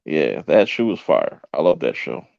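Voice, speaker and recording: Very deep, gravelly man on a lo-fi mic. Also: sing-song, moderate pace, a little mellow, dry recording. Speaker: podcast co-host. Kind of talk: casual live-stream chat.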